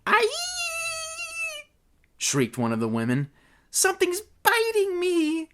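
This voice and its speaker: A man's voice: mid-range voice, steady tone, fairly quick, slight background noise, natural voice. A man voicing a panicked female activist thug who shrieks and sobs. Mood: shrieking. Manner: shrieking, sobbing.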